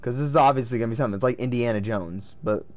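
A man giving casual gameplay commentary, excitable and swearing as he talks to himself. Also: medium pitch, very fast, background noise. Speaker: let's play gamer.

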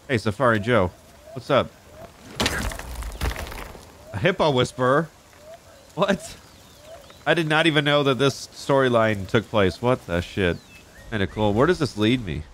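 Excitable, foul-mouthed man with a low voice. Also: slight background noise. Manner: excitable, profane, jokey, talks to game characters. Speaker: gaming YouTuber. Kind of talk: gameplay commentary.

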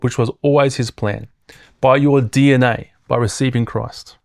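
A man's voice: mid-range voice, a little mellow, no room sound, studio quality. A man preaching a sermon in a conversational teaching manner, reading scripture aloud, chuckling between points and often checking in with "okay?".

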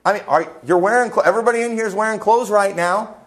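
A man's voice: high-pitched, quick pace, a bit bright. A man pastor preaching a sermon in church, emphatic and conversational, full of rhetorical questions.

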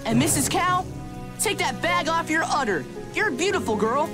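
A performer voicing a cheerful, adventurous young cartoon boy hero who talks in an earnest, excitable way. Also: high-pitched, normal speed, over music. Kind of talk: cartoon voice acting.

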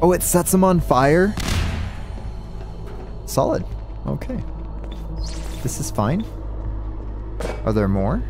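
A man streaming a puzzle game live, talking through it in an excitable, joking way and thinking aloud. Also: on the high side, slow, pauses often, faint music behind. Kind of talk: live gameplay commentary.

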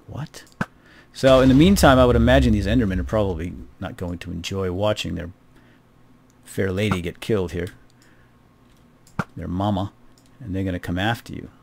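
A man's voice: low voice, normal speed, vocal fry, pauses often, background noise. Chatty man giving gameplay commentary. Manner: chatty, wry, talks to viewers while playing. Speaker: gaming video host.

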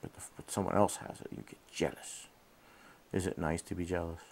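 Gravelly dad reading a bedtime story. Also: male voice, low-pitched, fairly even intonation, brisk, slight background noise. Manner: gentle, asks the child questions. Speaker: father reading to his child. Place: in bed at home. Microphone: head-mounted camera.

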